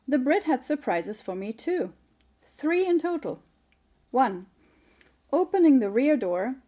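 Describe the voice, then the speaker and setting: Author-narrator, middle-aged woman, mellow and slightly high, calm measured audiobook read. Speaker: author reading her memoir.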